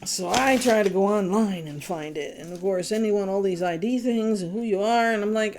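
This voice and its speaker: A woman's voice: medium pitch, moderate pace, hardly any pauses, a little mellow, a little hiss or hum. Blunt, exasperated woman reading tarot. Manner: blunt, exasperated, swears freely. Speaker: tarot reader. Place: home, candles lit.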